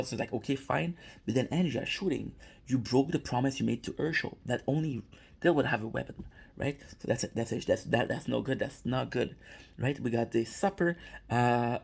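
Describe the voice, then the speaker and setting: A young man with a gravelly, husky voice recaps a TV episode in a loose, excitable way, swearing and tripping over repeated words. He sounds moved and close to tears. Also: mid-range voice. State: emotional, near tears. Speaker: TV recap vlogger. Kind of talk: casual emotional episode recap.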